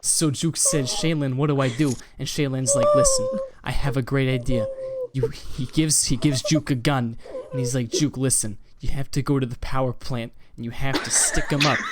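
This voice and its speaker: Rambling young male streamer, lively pitch. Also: normal speed. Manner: rambling crude improvised storytelling. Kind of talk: live-stream storytelling. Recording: loud background noise.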